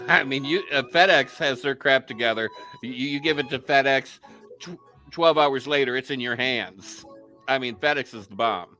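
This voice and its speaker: A man's voice: mid-range voice, moderate pace, bright, forceful tone, soft background music. A man hosting a casual talk show, telling a rambling story and acting out the people in it. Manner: chatty storyteller, acts out quoted voices. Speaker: podcast host. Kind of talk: casual chat.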